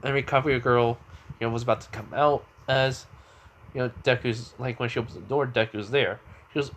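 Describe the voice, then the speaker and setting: A man casually improvising a fan story, circling back and padding his sentences with fillers. His voice is at a middling pitch, and a faint ambient hum sits behind it. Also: fairly even intonation, brisk, fairly bright tone. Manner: rambling, full of fillers and restarts.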